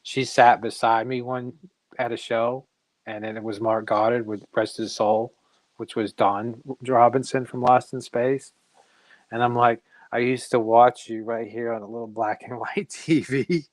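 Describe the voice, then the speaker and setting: Animated middle-aged man telling stories. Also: medium pitch, measured pace, dry recording, rough recording. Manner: animated, acts out quoted voices. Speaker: comic creator guest. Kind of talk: casual storytelling anecdotes.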